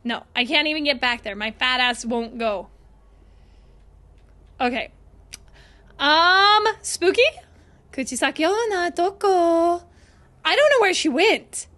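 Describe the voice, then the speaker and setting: A woman streaming a horror game live, chatting to her viewers in an excitable, squeaky voice. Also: unhurried, pauses often. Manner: excitable, chatty, talks to chat. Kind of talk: live gameplay commentary.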